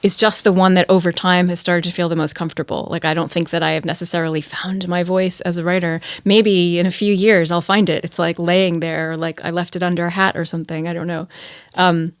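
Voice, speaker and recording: A woman with a lowish voice, from Long Island, New York, talks things through as a podcast guest. Her speech is musing and rambling, full of restarts. The sound is dry and close. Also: flat delivery, fairly quick, clear, resonant tone, dry recording. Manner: thoughtful, musing, loose with fillers and restarts. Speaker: guest writer. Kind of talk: casual podcast conversation.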